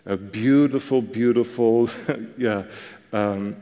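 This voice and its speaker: In a large hall, a man with a voice on the low side teaches a Bible passage in a conversational, animated way. He often pauses on fillers and restarts his phrases.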